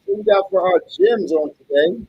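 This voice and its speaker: A man reading tarot and pitching paid rituals in a salesy way, often repeating "okay" and "you guys.". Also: moderate pace, breathy edge, no echo, lo-fi sound. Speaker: tarot reader and spell seller.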